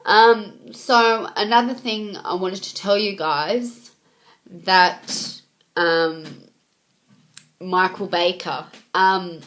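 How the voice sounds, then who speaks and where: Young woman, casual storytime vlog, rambling, reported speech, mid-pitched voice. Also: very slow, a bit bright, slight background noise. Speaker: vlogger.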